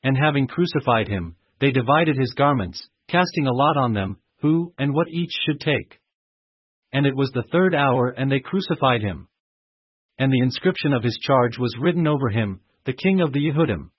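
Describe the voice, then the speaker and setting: Man reading scripture, husky, measured, muffled dry recording. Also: mid-range voice, animated, dry recording. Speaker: scripture reader.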